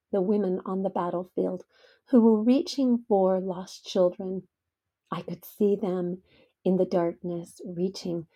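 A woman's voice: medium pitch, warm tone, slightly rough. A middle-aged woman hosting a devotional podcast, telling stories in an earnest, heartfelt way. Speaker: podcast host.

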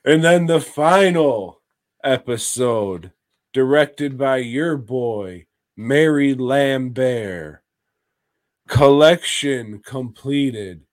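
Slow-talking crude male podcaster. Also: mid-range voice, animated, no room sound. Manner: crude, rambling recaps with laughs. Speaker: podcast co-host. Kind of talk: casual podcast chat.

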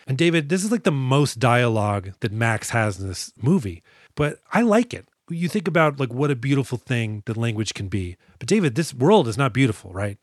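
A man's voice: medium pitch, sing-song, a little fast, dry recording, studio quality. Wry, profane male podcast host. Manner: profane, wry recapping with mocking quoted asides. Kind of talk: casual movie podcast chat.

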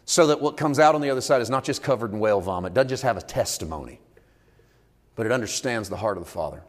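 A man preaching a sermon to a congregation that answers him, moving from calm storytelling to loud, emphatic climaxes. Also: medium pitch, brisk, pauses often. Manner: preaching with congregation call and response. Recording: long reverb of a large hall.

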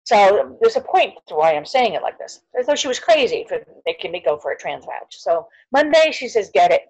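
A woman's voice: mid-range voice, a little fast, breathy edge, muffled recording. A middle-aged woman telling her own story as a podcast guest. She slips into the voices of the people she quotes. At the heavy moments her voice falls almost to a whisper. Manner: animated storyteller, acts out quoted voices, drops to near whisper at hard moments. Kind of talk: personal storytelling interview.

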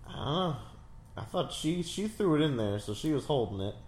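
A man's voice: fairly high pitch, a little fast. A man chatting casually and joking while watching a movie with a friend. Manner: joking, animated banter with laughter. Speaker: co-viewer reacting to a movie. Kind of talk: casual chat. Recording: roomy sound with faint background noise.

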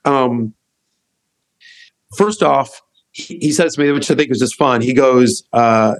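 A middle-aged man, a podcast guest, telling a long anecdote in an animated, rambling way, acting out what others said. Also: medium pitch, slow, poor audio. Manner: animated, acts out quotes of others; rambling with restarts and fillers. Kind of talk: storytelling in a podcast conversation.

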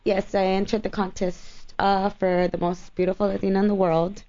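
A woman talks casually as a radio show guest, playful and flirty, laughing easily between sentences. Her voice sits at a middle pitch. The recording is dull and lo-fi. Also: little pitch movement, moderate pace, warm tone.

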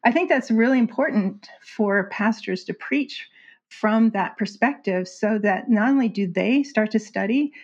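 Earnest, animated woman guest. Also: fairly high pitch, measured pace. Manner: earnest, animated, laughs often. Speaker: author and guest speaker. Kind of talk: conversational interview. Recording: slightly dull lo-fi audio.

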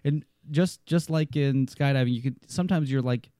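On a podcast, a man chats casually and tells stories about his clients, swearing and acting out what people said to him. His mid-range voice is warm and moves at a normal speed, with clean studio sound and no room echo.

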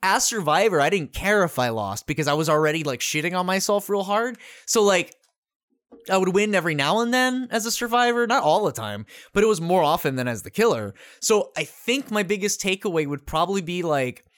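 This co-host talks in a lively voice that rises and falls a lot and curses freely while rambling through gaming anecdotes. The sound is dry and close, with no room around it. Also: medium pitch, brisk, dry recording. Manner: animated, profane storytelling. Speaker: podcast co-host. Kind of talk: casual podcast chat.

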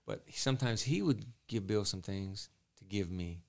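A man's voice: fairly low pitch, expressive, normal speed, vocal fry. A man, a former boxer, sharing stories as an interview guest. He talks earnestly, repeats himself and often restarts his sentences. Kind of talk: emotional storytelling in a casual interview.

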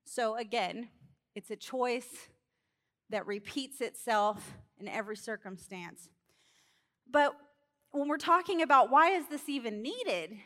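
A woman preaching a sermon in an animated storytelling way, acting out characters and laughing along. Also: a little high, unhurried.

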